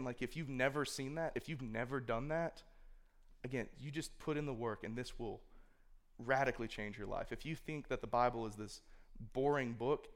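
A man speaking to a room of young people in a casual sermon, loose and conversational, filling his talk with "like" and voicing imagined thoughts. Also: medium pitch. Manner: conversational, filler-heavy, acts out imagined inner thoughts. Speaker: youth speaker. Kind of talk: casual sermon to a youth group. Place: room with a live audience.

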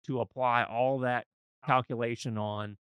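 Man, financial advisor hosting a podcast, folksy and earnest, smooth resonant voice, dry close sound. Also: medium pitch, fairly even intonation, a little slow, no room sound, lo-fi sound. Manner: earnest, folksy, emphatic advice-giving. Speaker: financial advisor and show host. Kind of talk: conversational podcast discussion.

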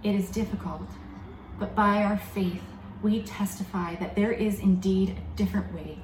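Woman giving a sermon, calm and thoughtful, slows on the big words, echoey room w/ faint hum behind. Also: mid-range voice. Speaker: preacher.

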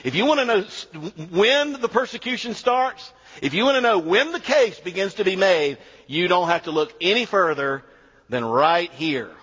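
Husky, animated preacher in a reverberant hall. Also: male voice, normal speed. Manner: animated, emphatic preaching with sudden drops to low, quiet lines. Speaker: pastor. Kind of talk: sermon. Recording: dull sound with long hall reverb.

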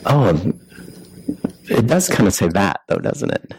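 A man's voice: lowish voice, big pitch swings, a little slow, darkish tone, a little hiss or hum, poor audio. A man preaching a sermon in a conversational way, full of rhetorical questions and restarts. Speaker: pastor.

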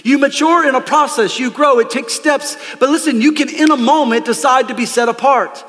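A man preaching a lively, conversational sermon from a church stage, calling out to the congregation. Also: very high voice, a little fast, in a large hall. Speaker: pastor. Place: church sanctuary.

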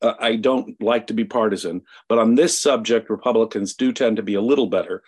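An American man giving emotional, emphatic political commentary as a guest, his pitch swinging sharply as he talks. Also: brisk, darkish tone, slightly rough. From United States.

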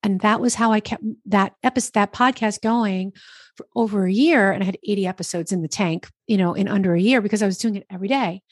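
A talkative woman from New Jersey recounts her story as a podcast guest. She chats in an animated way, slipping into quoted self-talk. Her voice sits at a middle pitch on a close, dry microphone with no room sound. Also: fast talker, no echo. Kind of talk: casual interview storytelling.

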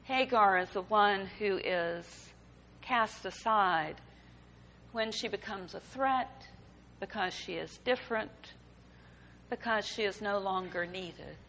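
A woman preaching a sermon, reading scripture and reflecting on it in a measured, emphatic way. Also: mid-range voice, a bit bright, slight background noise, rough recording. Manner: slow, deliberate preaching with emphatic rises.

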